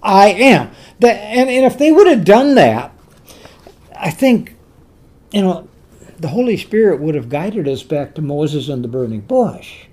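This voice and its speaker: A preacher delivering a sermon, emphatic and animated, repeating key words and restarting phrases as the story builds. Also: mid-range voice, measured pace.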